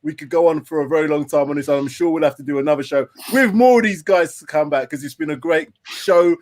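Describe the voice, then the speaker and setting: A man's voice: fairly high pitch, quick pace, a little mellow. A man hosting a casual live stream, jokey and laughing. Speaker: host.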